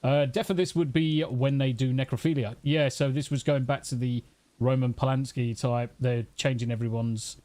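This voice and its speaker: A man's voice: medium pitch, fairly even intonation, normal speed, warm tone. A man from Birmingham with a Birmingham accent, hosting a casual livestream chat, swearing freely and laughing often. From Birmingham, England. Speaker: show host.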